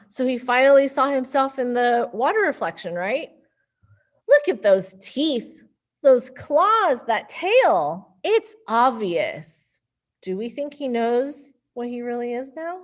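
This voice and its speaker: A woman librarian hosting an online storytime on a video call, reading a picture book to young children in an animated, sing-song way and asking them questions. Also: on the high side, slow pace.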